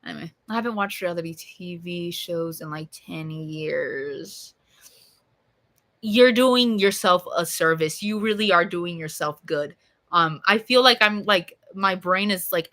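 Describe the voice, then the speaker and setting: A young woman streaming and chatting with viewers in a loose, rambling way, full of swearing and fillers, her voice a bit hoarse from being sick. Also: lowish voice, normal speed, pushed and bright. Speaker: streamer answering chat. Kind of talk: casual rambling chat.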